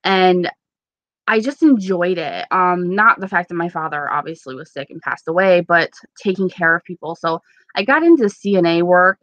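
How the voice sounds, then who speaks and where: A woman's voice: fairly low pitch, a bit bright. Young woman w/ a sore throat chatting to her stream viewers, kinda muffled lo-fi sound, no room echo. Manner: chatty, answers viewers by name. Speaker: beauty YouTuber hosting a live stream. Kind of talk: casual live-stream chat reading comments.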